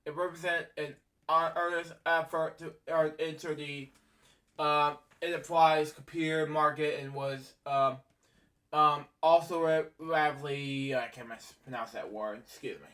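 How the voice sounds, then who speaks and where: Halting young man reading aloud slowly. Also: a little high, fairly even intonation, sharp tone. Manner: stumbling reader, many ums, frequent apologies for misspeaking. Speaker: amateur video maker reading facts aloud. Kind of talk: halting read-aloud narration. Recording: voice from a distance from the mic.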